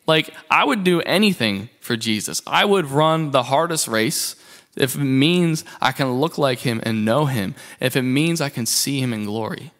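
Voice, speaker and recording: A man's voice: medium pitch, animated, moderate pace, fairly bright tone. A man preaching a sermon to a congregation, passionate, with rhetorical questions and rising and falling emphasis. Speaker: pastor.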